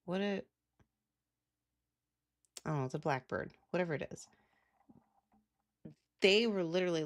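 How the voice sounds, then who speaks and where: A woman's voice: low voice, creaky. A young adult woman live streamer chatting casually, rambling with lots of "like" fillers and laughs. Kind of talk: casual chat.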